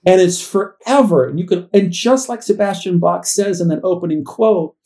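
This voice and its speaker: In a casual podcast conversation, a male co-host in his forties muses wistfully, wandering off and starting over as his thoughts form. He speaks at a normal speed in a mellow, high-pitched voice.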